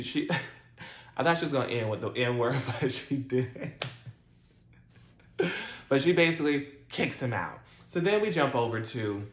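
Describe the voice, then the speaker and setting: A man talks through a TV episode in a loose, chatty recap. He leans on slang and keeps saying "like" as he tells the story. His voice sits at an ordinary middle pitch and rings a little in a roomy space. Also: a bit bright. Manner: chatty retelling, heavy use of "like" and slang. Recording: roomy echo.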